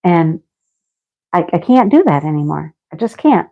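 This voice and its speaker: A woman's voice: lowish voice, very animated, moderate pace, vocal fry. A middle-aged woman hosting a craft livestream, chatting casually and answering viewer comments, rambling, laughing often and turning a little snarky. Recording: dull lo-fi home stream audio.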